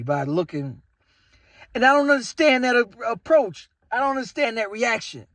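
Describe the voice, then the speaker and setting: Man, 30s, from Chicago, high voice, dry close sound, animated casual storytelling. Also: normal speed, no room sound. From Chicago area. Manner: animated, jumps into quoted voices. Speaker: vlogger.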